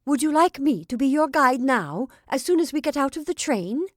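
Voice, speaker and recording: A woman's voice: sits high, animated, normal speed, no echo, voice pushed up. A woman voicing a sullen, contemptuous young Italian woman in a dry, close recording. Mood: disdainful. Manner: curt, disdainful.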